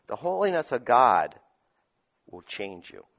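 A man preaching a sermon, reading scripture aloud and explaining it, moving between loud emphatic lines and quiet asides with frequent chuckles. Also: mid-range voice, vocal fry, lo-fi sound. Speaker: pastor.

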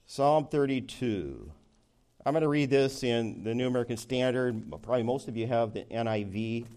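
Male Bible teacher, conversational, lifts his voice on key phrases, reads scripture slowly. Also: mid-range voice. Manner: lively, rising emphasis on key words, slows for scripture reading; conversational, with restarts. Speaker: Bible study leader. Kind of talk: sermon-style Bible teaching.

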